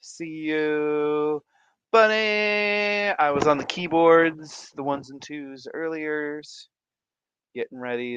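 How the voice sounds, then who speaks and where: Excitable, bright-voiced man hosting a livestream. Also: medium pitch, clean tone, no room sound, muffled recording. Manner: goofy and excitable, laughs often, greets viewers by name. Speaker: livestream host. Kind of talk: casual livestream chat.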